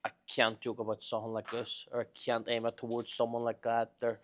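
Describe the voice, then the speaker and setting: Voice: medium pitch, completely flat delivery, a little fast. A podcast host asking casual questions and laughing at the guest's stories. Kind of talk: casual interview.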